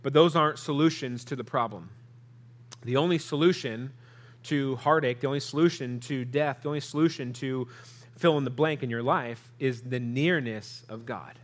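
A man's voice: medium pitch, moderate pace. A man preaching a sermon, reading scripture aloud and explaining it in an earnest, conversational way, asking the listeners questions. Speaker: pastor.

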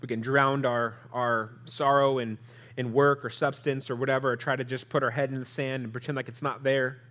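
A man's voice: mid-range voice, flat delivery, fairly quick, a bit bright. A man preaching a sermon, reading scripture aloud and explaining it in an earnest, conversational way, asking the listeners questions. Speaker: pastor.

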